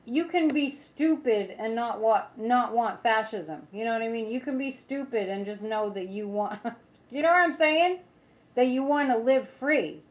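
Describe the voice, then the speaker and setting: A psychic tarot reader with a voice on the high side chats casually on a livestream, in a muffled recording. She rambles, reads viewer comments aloud, and throws in sarcastic asides.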